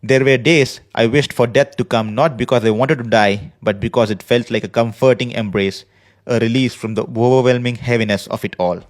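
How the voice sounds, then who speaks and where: A man hosting a podcast, speaking in an earnest, measured personal monologue from a prepared script. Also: mid-range voice, fairly even intonation. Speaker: podcast host. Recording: podcast voice recording.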